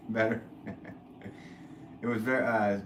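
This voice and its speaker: A man from Connecticut talks casually to his livestream viewers, his voice sitting low and easy. He chats and laughs lightly as he answers comments. A clear hum of background noise runs under the studio recording. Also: slow pace. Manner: relaxed, chatty, reads viewer comments aloud with little laughs. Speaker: potter hosting a livestream. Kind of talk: casual livestream chat while working. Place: pottery studio.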